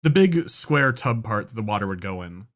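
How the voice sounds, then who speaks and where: A young man casually telling a story on a podcast, animated and profane, often breaking into laughter. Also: on the low side, normal speed. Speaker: podcast co-host.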